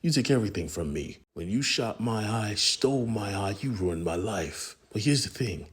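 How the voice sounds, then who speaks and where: A man's voice: fairly low pitch, animated, moderate pace, slightly rough. A man voicing a vengeful one-eyed mercenary boss in a comic recap, taunting and slangy.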